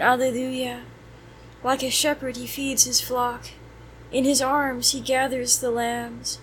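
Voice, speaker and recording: A woman leading prayer, reciting psalms and canticles in a steady, even recitation. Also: high voice, slight background noise, rough recording. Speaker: prayer leader. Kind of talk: reciting liturgy of the hours.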